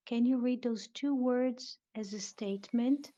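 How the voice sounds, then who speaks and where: Slow, mellow woman teaching Hebrew. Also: on the high side. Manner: slow, deliberate, questioning students. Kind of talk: live online Bible lesson. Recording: dull lo-fi online audio room.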